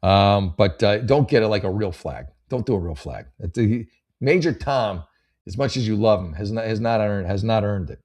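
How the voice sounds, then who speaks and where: A man with a fairly low voice talks through a listener's dilemma in a loose, joking way. He swears freely, repeats words as he restarts sentences, and keeps a sarcastic edge as he hands out advice. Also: expressive, normal speed, darkish tone. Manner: rambling, sarcastic, profane, stammering restarts. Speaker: podcast host giving advice. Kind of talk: casual comedic advice chat, reading posts aloud.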